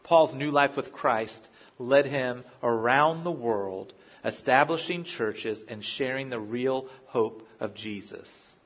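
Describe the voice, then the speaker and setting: A male pastor preaching a sermon with a slightly husky voice. He speaks in a conversational style, telling personal stories. He often restarts his phrases as he goes. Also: medium pitch, slow pace, fairly bright tone. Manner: conversational, story-driven preaching with frequent restarts.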